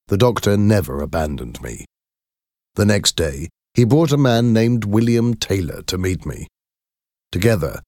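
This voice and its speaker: A man reading a first-person story aloud in a slow, measured, clear way. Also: on the low side, no room sound, studio quality. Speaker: narrator.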